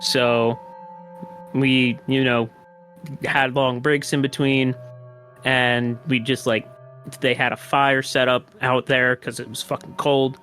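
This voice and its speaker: A man's voice: medium pitch, level tone, takes it slowly, a bit bright. Man, podcast guest, loose rambling storyteller, swears a lot, faint music underneath. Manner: rambling, profane, many fillers and restarts. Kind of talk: casual storytelling.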